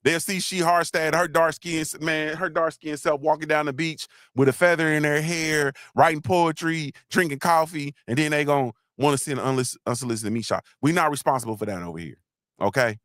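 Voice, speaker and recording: A man's voice: a little high, brisk, dry recording, studio quality. Joking, preachy man hosting a livestream. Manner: loose, joking, preachy, shouts out viewers. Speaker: livestream host. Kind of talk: casual motivational livestream talk.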